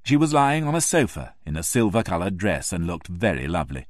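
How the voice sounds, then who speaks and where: Deep-voiced man reading a story expressively. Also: a little fast, dry recording, studio quality. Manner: expressive, emotional first-person telling. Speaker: narrator.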